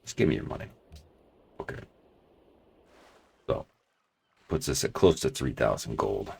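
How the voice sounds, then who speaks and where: A man's voice: rumbling low, lively intonation, a little slow, gravelly, breathy edge. A man commenting on his strategy game as he plays, thinking aloud and talking his plans through at length. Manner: thinking aloud, restarts and hedges while planning. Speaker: let's play commentator.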